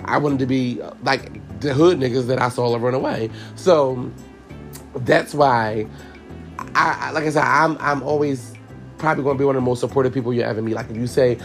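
Speaking in a gravelly, creaky, mid-range voice at normal speed, a young podcast host who is also a hairstylist addresses his listeners as y'all. He shares a personal story frankly and emotionally, swearing freely with no polish, over faint music.

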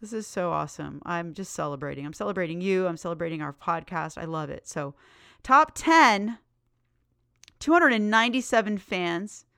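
A woman's voice: on the low side, lively intonation, moderate pace, vocal fry, a bit bright, clear, resonant tone, dry recording, studio quality. A woman hosting her own podcast in a bubbly, enthusiastic, chatty way. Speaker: podcast host. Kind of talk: casual solo podcast chat.

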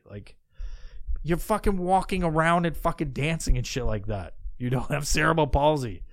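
A man's voice: medium pitch, expressive, moderate pace, no room sound, clean studio sound. A man hosting a podcast, ranting crudely and heatedly, breaking into mocking impressions. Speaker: podcast host. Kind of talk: profane comedic rant.

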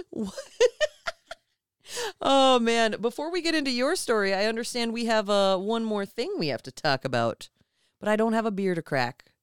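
Lively giggly woman podcaster. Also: on the high side, measured pace, long pauses, smooth, dry recording, clean studio sound. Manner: giggly, animated, swears casually. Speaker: podcast co-host. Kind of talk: casual chat.

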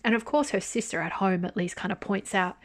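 A woman's voice: medium pitch, a little fast. Candid woman reviewing a drama. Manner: candid, animated, swears freely. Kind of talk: casual chat.

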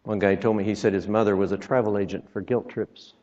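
A man's voice: lowish voice, steady tone, fast talker, darkish tone, slight background noise. A man preaching a sermon in a folksy way, with joking asides and quoted scripture, in a church. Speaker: traveling preacher. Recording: reverberant, dull lo-fi sound.

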